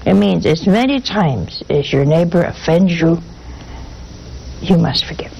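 A woman's voice: on the low side, expressive, measured pace, vocal fry, warm tone, highs cut off, slight background noise. A woman preaching a sermon in a folksy, humorous, conversational way.

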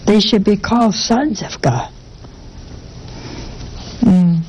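A woman's voice: medium pitch, expressive, slow, a little mellow, slight background noise, poor audio. A woman giving a sermon in a folksy, conversational way, often asking her listeners rhetorical questions. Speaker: preacher.

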